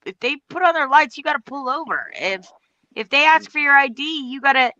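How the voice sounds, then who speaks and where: A woman's voice: high voice, lively intonation, fairly quick, pushed and bright, no echo. A woman in casual chat, talking bluntly and swearing freely as she gives her opinions. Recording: dull lo-fi audio.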